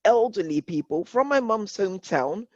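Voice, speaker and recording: A woman with an English accent presenting an online workshop, measured and deliberate, repeating phrases for emphasis. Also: mid-range voice, lively intonation, darkish tone, no echo, lo-fi sound.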